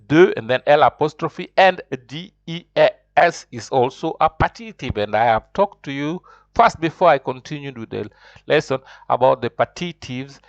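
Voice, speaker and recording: A man teaching a beginners' language lesson, emphatic and repetitive, leading drills and checking in with quick "huh?" tags. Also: on the high side, dry recording, dull audio. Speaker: French teacher.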